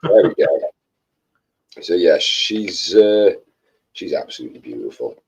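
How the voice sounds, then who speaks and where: A man co-hosting a hobby livestream in casual chat, laughing often and talking softly to a dog. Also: deep voice, expressive, a little slow, breathy edge. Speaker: co-host of a modelling livestream. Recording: dull lo-fi stream audio.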